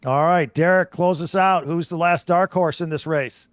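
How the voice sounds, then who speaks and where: Male panel host, brisk and upbeat, slightly high voice, dry close sound. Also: steady tone, no echo. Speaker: podcast host. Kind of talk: casual panel chat.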